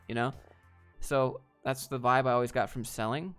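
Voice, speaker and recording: A man's voice: mid-range voice, steady tone, brisk, a bit bright, clean tone, soft background music. Laid-back man answering live chat. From Georgia, US. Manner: laid-back, reads viewer questions aloud and answers bluntly, says dude. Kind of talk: casual livestream chat.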